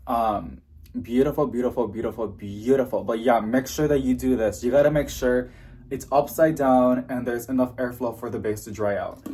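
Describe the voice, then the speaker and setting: A man's voice: medium pitch, moderate pace, dark tone, husky. A young man chatting in a casual unboxing vlog, bubbly and gushing. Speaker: plant vlogger.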